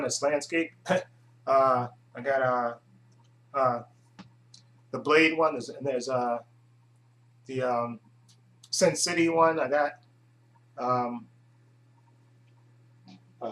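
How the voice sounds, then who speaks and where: This YouTube host speaks to camera in a loose, chatty style, stumbling through hesitations and restarting often. The audio is poor, carrying his mid-range, slightly bright voice.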